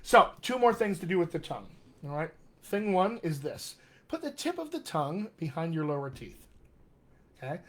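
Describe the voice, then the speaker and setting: Male dialect coach, upbeat live-stream teacher, a touch high-pitched, reads viewer comments. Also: sing-song, moderate pace. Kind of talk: live-streamed vocal exercise lesson.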